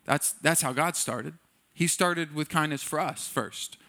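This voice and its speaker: Man, pastor, preaching; bright, slightly high voice; casual and joking delivery. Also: a little slow, gravelly. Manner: conversational, joking, acts out quoted voices. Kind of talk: sermon.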